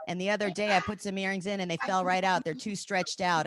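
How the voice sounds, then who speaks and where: A woman's voice: mid-range voice, steady tone, quick pace, poor audio. A woman in her thirties hosting a comedy show and doing bawdy, conversational stand-up.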